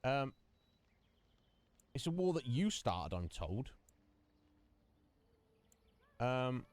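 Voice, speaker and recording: A man streaming a video game, commentating in an animated, ranting way and mock-quoting others. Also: mid-range voice, measured pace, long pauses. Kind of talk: live gameplay commentary.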